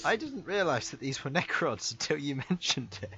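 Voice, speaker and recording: A man running a tabletop game as game master, narrating scenes and explaining rules briskly. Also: a little high, big pitch swings, vocal fry, sharp tone. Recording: dull lo-fi mic.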